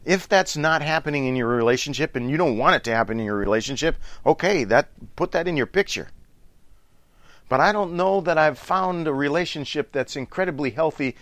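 A man's voice: fairly high pitch, expressive, brisk, fairly bright tone, no room sound. A middle-aged man giving an earnest, instructive talk on relationships, coaching his listeners. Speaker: relationship speaker.

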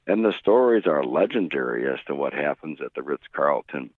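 Middle-aged male radio preacher, storyteller, deep gravelly voice, phone-thin sound. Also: big pitch swings, moderate pace, few pauses, no room sound. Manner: storytelling, acts out quoted voices. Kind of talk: radio sermon. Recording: tinny phone-like radio broadcast.

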